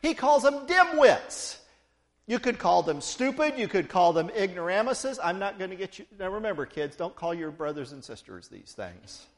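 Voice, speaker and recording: A man's voice: high voice, big pitch swings, moderate pace. A man preaching a sermon, retelling a story with playful asides to the congregation.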